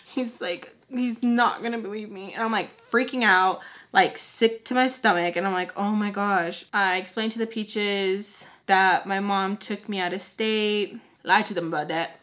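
A young woman telling a personal story in a casual vlog, acting out what people said with big jumps in her voice. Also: measured pace. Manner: animated, acts out quotes with big pitch jumps. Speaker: storytime vlogger. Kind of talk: casual storytime while doing makeup.

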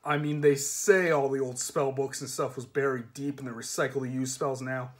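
A man's voice: mid-range voice, fairly even intonation, moderate pace, natural voice. A man voicing a resentful working-class cart driver who mutters and grumbles in common speech. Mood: grumbling.

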